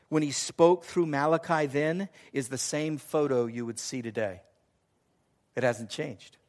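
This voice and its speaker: A middle-aged man preaching a sermon in church as pastor, earnest and mixing in joking asides. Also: mid-range voice.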